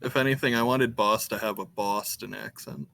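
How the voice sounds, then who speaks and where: A man's voice: lowish voice, steady tone, moderate pace, vocal fry, bright, forceful tone. A man playing in a tabletop game, joking around and laughing often. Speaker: player. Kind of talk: casual chat during a tabletop game.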